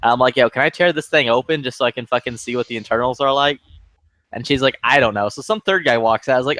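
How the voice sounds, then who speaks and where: A man's voice: mid-range voice, brisk, no echo. A man telling a long, profane story in casual chat, acting out the people in it. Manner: profane, animated anecdote with quoted voices. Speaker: lobby chat regular.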